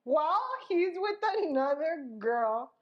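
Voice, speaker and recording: A woman's voice: high voice, expressive, takes it slowly, dull audio. A young woman co-hosting a podcast, telling a story in casual chat. She tells it dramatically and acts out the people she quotes. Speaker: podcast co-host.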